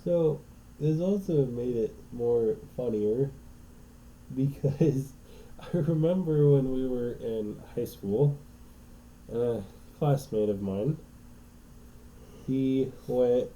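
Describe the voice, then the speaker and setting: A man's voice: medium pitch, takes it slowly, pauses often, warm tone, lo-fi sound, a little hiss or hum. A man co-hosting a podcast, telling a rambling story in casual chat and checking in with "right?" as he goes. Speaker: podcast co-host.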